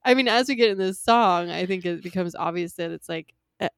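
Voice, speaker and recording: A woman's voice: on the low side, fairly quick, clear, resonant tone, no echo. Chatty American woman with dry sound. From United States. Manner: chatty, laughs often, acts out quotes. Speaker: podcast co-host. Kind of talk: casual chat about song lyrics.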